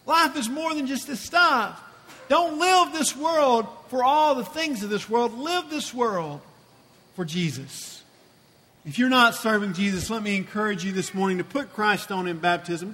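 Male preacher, very high sharp voice, emphatic, long church reverb. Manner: emphatic, repeats phrases for effect. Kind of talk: sermon. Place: church sanctuary.

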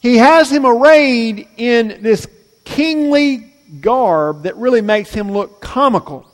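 High-voiced preacher in a reverberant hall. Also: male voice, lively intonation, slow pace. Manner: preaching with big swings between loud emphasis and quiet, low asides. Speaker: pastor. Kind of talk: sermon.

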